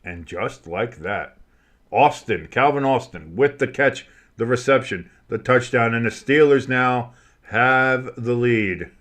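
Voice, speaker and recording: Excitable man calling football play-by-play. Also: medium pitch, a little slow. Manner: excitable, crude jokes, shouts on big plays. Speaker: play-by-play host. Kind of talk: fan play-by-play commentary.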